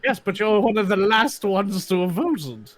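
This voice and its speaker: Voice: mid-range voice, lively intonation, normal speed. A streamer co-hosting a game stream, reading chat messages and joking.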